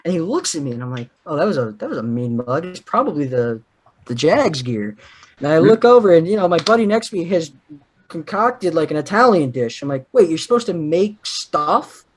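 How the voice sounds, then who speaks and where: A man's voice: a little high, brisk. A man co-hosting a podcast, telling a story in casual chat and acting out the other people in it. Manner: animated, laughing storyteller who acts out others' lines. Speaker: podcast co-host.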